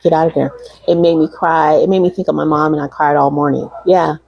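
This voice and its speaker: Woman podcast host, raspy and lowish, dry close sound, chatty and emotional. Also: steady tone, brisk, a little mellow, no room sound, dull audio. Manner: emotional, reads viewer comments aloud. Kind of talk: casual podcast conversation.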